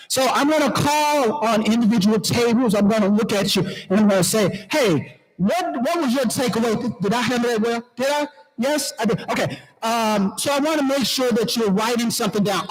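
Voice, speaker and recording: A man's voice: very high voice, low-quality recording. A man emceeing a conference from the stage, playful and preachy, talking straight to the crowd. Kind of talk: lively stage emcee talk. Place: conference hall.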